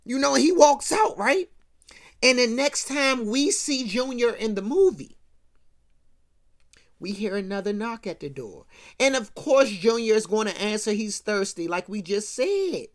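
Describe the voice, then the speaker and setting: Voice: medium pitch, lively intonation, measured pace. Movie recap ranter, slangy and loose, keeps asking "right?". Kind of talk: casual rant retelling a film.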